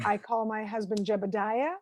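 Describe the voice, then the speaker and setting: A woman's voice: medium pitch, flat delivery, moderate pace, a little mellow. A woman comedian doing a chatty, self-deprecating stand-up set from home over a video call.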